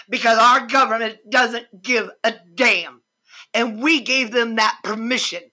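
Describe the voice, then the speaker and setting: An older woman with a high, bright, husky voice rants in indignant, emphatic bursts. She speaks slowly and leans hard on every point. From United States. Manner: impassioned, indignant, emphatic, swears. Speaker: vlogger. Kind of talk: political rant.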